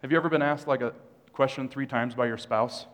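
A man's voice: medium pitch, fairly quick, fairly bright tone. A male pastor preaching a sermon in a church, conversational, with joking asides to the congregation. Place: church sanctuary. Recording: long hall reverb.

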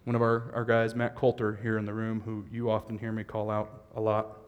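A man's voice: on the low side, completely flat delivery, a little fast, long reverb tail, highs cut off. A man preaching a sermon as a pastor, moving from easygoing asides to fervent, rising exhortation. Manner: builds from conversational to impassioned shouting.

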